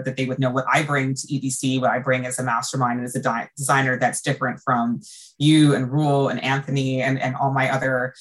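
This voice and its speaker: An American woman, an event designer, chatting casually and telling a vivid story in an animated, emotional way. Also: extremely low pitch. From United States. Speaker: event designer, podcast guest. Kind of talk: casual backstage chat.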